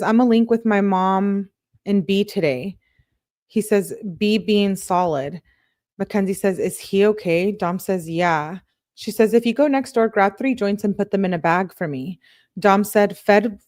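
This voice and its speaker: A woman's voice: medium pitch, a little mellow, dry recording, studio quality. A woman true-crime YouTuber reading text messages aloud, with casual commentary in between.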